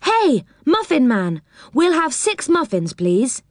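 A woman putting on an excitable little storybook girl who gushes over everything. The voice jumps well above the narrator's into a bright, lively sing-song. The recording is dry and close. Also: sits high, slow, no room sound, pitched above the performer's own voice, full character voice. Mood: eager. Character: excitable young girl Beth.

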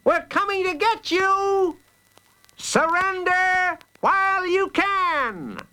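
A man's voice: animated, slow, sharp tone, heavily acted. A man voicing a bold young girl who calls out orders in a storybook. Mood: commanding. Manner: high, commanding calls.

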